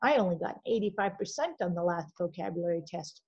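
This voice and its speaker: Expressive woman reading a children's story. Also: fairly low pitch, brisk, husky, dull audio. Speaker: audiobook reader. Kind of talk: reading a children's novel aloud.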